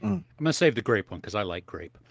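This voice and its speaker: A man's voice: fairly low pitch, very animated, quick pace, creaky, no echo. A man co-hosting a live movie podcast from his home office, chatting loosely and eating snacks on air. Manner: rambling, tries snacks on air. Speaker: podcast co-host. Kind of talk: casual live-stream chat. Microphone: home office setup.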